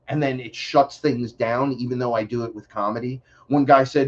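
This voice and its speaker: A man in casual interview talk, animated and profane, often slipping into voices for the people in his stories. His voice sits in an ordinary male middle range. The recording is a bit dull and lo-fi. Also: medium pitch, moderate pace. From New York City. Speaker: podcast guest.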